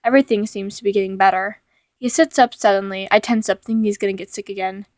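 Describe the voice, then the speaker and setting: A woman narrates a story in a steady read-aloud style. Her voice is middle in pitch. The recording is dry and close with no room sound. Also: quick pace, dry recording. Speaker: narrator reading a fan fiction.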